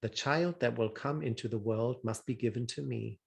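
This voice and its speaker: A man's voice: mid-range voice, normal speed, vocal fry, lightly acted. Stern angry old witch, read by a man. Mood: bargaining. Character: angry old witch guarding her garden.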